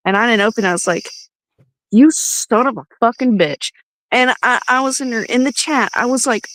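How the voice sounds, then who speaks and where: A woman's voice: medium pitch, brisk, dry recording, poor audio. A woman guest on a comics livestream, telling a heated story in casual chat and swearing constantly.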